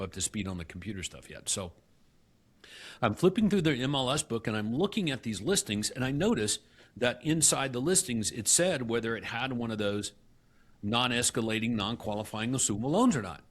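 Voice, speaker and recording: Middle-aged man telling a lively story. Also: mid-range voice. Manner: animated storyteller who acts out past dialogue, with frequent restarts. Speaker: guest, real estate company CEO. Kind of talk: storytelling in a conversational interview.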